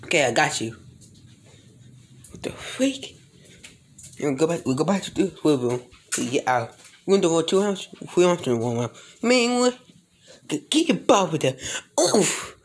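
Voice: medium pitch, big pitch swings, fairly quick, breathy edge. A speaker improvising a plush toy role-play in a rambling, mumbly way, full of slang and filler sounds.

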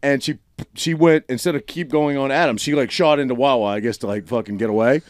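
A man's voice: medium pitch, fast talker, no echo. A man co-hosting a podcast, telling a story in a laid-back casual way and checking in with his listeners. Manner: laid-back storyteller, tags lines with "right?". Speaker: podcast co-host. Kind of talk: casual chat.

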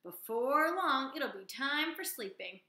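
A woman voicing lazy frogs in a storybook reading, with a slow, drawling, croaky voice. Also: high-pitched, animated, sharp tone, echoey room, voice pushed up, exaggerated voice.

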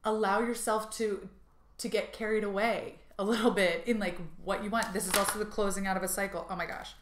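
Giving her viewers an intuitive card reading, a tarot reader talks fairly quickly in a steady, medium-pitched voice, bubbly and gushing with lots of laughter and filler words. There's a roomy echo and slight background noise.

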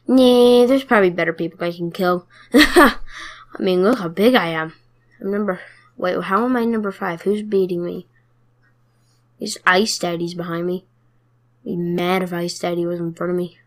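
A woman's voice: on the low side, a little slow, pauses often. A woman giving casual let's play commentary, chatting and playfully trash-talking her opponents. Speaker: gamer.

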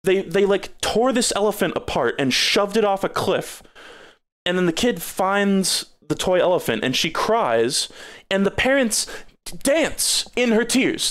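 Guy streamer ranting casual game review, high voice bouncing all over, swears a lot, fed up and sarcastic. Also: very animated, moderate pace, a bit bright. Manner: profane, exasperated, sarcastic.

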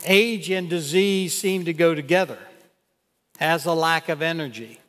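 An older man preaching a sermon as pastor in a church, earnest and measured, reading scripture aloud. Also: fairly high pitch, a bit bright. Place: church sanctuary. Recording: long church hall reverb.

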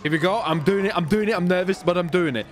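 A man giving excited, chatty commentary on his own gameplay as a streamer, giggling and narrating each move. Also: high voice, fast, soft background music. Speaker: streamer playing a roleplay game.

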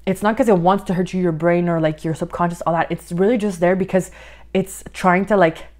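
A woman's voice: fairly low pitch, fairly even intonation, fairly quick. A woman life coach talking through a podcast lesson in an encouraging way, often saying "like" and a little out of breath. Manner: warm, encouraging, uses many "like" fillers. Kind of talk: podcast monologue, guided coaching.

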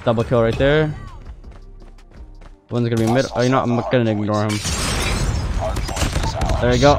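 A young man giving live commentary over his own gameplay, excitable, jumping between loud outbursts and muttered callouts. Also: mid-range voice, moderate pace, pauses often. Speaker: gaming YouTuber. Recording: music playing under gunfire.

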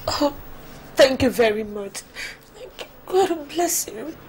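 A woman's voice: high voice, animated, measured pace, bright, forceful tone, slight background noise, heavily acted. An actress with a Nigerian accent playing a crying, distressed young woman who pleads and thanks her helper. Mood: tearful. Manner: tearful, pleading. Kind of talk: Nollywood film acting. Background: film score music.

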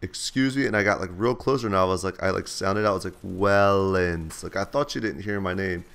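A man's voice: low-pitched, fast talker, a bit bright. A man hosting a gaming channel, telling laid-back, slangy stories over gameplay. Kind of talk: casual storytelling over gameplay.

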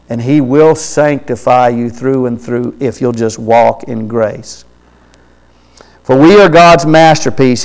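A man preaching a sermon, reading scripture aloud with rising emphasis and dropping to quiet asides between verses. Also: mid-range voice, clear, resonant tone, low-quality recording. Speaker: pastor. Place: church sanctuary.

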